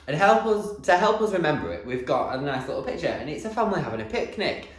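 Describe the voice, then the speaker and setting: A man teaching a phonics lesson to young children, slowly sounding out letters in an encouraging, sing-song way. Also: a little high, very animated, echoey room. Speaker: primary school teacher.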